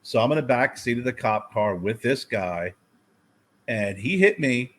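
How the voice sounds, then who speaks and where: A man with a husky, breathy voice at an ordinary pitch, co-hosting a podcast in relaxed conversation. He tells profane stories and acts out his own past lines. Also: unhurried. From United States. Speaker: podcast co-host. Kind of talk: casual chat.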